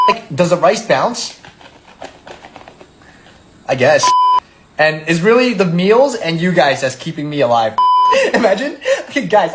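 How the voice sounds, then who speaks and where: A man's voice: on the high side, heavy background noise. A young man rambling through stories on a livestream and giggling at himself, in a casual chatty way. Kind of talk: casual chat.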